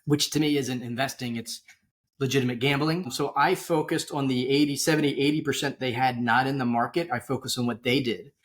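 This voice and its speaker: A man's voice: medium pitch, fairly even intonation, fairly quick. A middle-aged man, a wealth manager and interview guest, telling stories in a rambling, chatty way with lots of tangents, talking over a video call. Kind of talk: casual storytelling interview.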